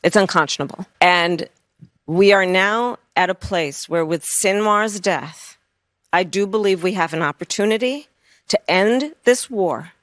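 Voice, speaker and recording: A woman politician answering town hall questions in a measured, firm way, repeating key phrases. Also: medium pitch, a bit bright, clean studio sound.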